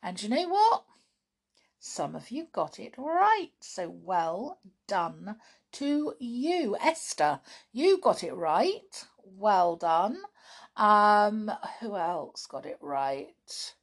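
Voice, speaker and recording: A woman's voice: medium pitch, sing-song, drawn-out words. A British woman hosting a children's podcast, chatting playfully to young listeners about riddles and fun facts, often laughing.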